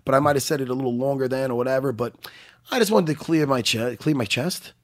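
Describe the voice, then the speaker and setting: A man's voice: mid-range voice, fast talker. A middle-aged man in casual podcast chat, swearing freely and restarting his sentences. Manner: animated, swearing, restarts a lot. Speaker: podcast co-host.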